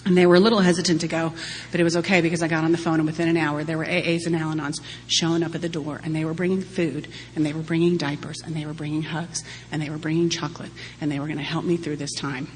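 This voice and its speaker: A woman's voice: sits low, level tone, fast. A woman in her forties giving a candid, humorous personal testimony to a meeting audience, often laughing as she talks. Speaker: speaker sharing at a recovery-group meeting. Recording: long hall reverb, faint hum.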